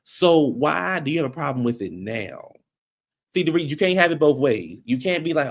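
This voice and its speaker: A man giving casual, blunt recap commentary on a reality show, animated and slangy. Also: normal speed. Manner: animated, acts out quotes in high voices.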